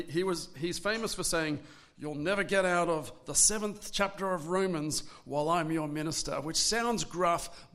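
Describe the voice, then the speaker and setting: A man preaching a sermon in an earnest way, sometimes restarting words and slowing down for emphasis. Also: a little high, a bit bright. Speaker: pastor.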